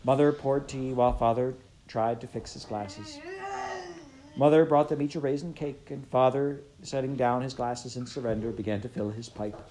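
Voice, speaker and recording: A woman narrating a storybook in an expressive, measured way. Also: rumbling low, a crowd in the background, poor audio. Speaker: audiobook reader.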